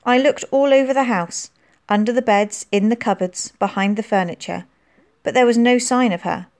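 A woman narrating a children's novel as an audiobook, reading expressively and lifting her voice for the characters' lines. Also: moderate pace. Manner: expressive, voicing dialogue with lifted pitch.

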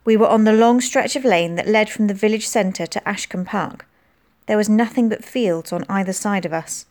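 A woman narrates a children's novel aloud with lively, expressive delivery. Her pitch sits in an ordinary middle range, and she shifts it up for dialogue. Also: normal speed. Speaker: audiobook narrator.

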